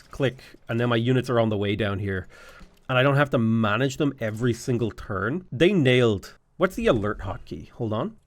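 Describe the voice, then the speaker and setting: A man's voice: medium pitch, dry recording. A young Irish man giving chatty, enthusiastic let's-play commentary, thinking aloud as he plays a strategy game. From Ireland. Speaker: gaming YouTuber.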